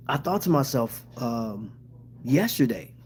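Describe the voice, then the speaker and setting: A man talks straight to his livestream viewers in a loose, heartfelt way, full of fillers and broken-off phrases. His voice sits at a middle pitch. Faint background noise runs under the talk. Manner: halting, with many restarts and fillers; heartfelt and grateful. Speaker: channel host.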